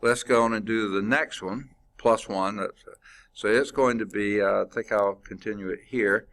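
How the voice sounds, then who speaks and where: Low-voiced man teaching math. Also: fairly even intonation, moderate pace, fairly bright tone. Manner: works problems aloud, quizzing students; informal and chatty, with asides. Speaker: math instructor. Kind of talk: classroom lecture. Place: classroom.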